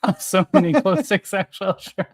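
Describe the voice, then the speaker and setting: A man's voice: high-pitched, lively intonation, normal speed, no room sound, clean studio sound. A young man hosting a podcast livestream, joking and rambling in a self-deprecating, casual way. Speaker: podcast host.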